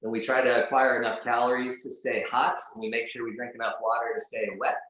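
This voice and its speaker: A man's voice: mid-range voice, level tone, quick pace, bright, forceful tone, a little hiss or hum. Casual, profane man in a very echoey room. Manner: loose and profane, heavy use of "like". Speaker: podcast guest. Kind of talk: casual conversation.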